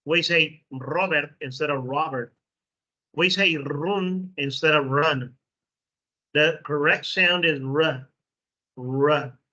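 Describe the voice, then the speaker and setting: In this classroom phonetics lesson, the teacher is a man from Mexico, a native Spanish speaker, with a sharp, bright, slightly high voice. He goes really slowly, repeating sounds and asking "okay" to check in. Audio quality is muffled, dull and lo-fi.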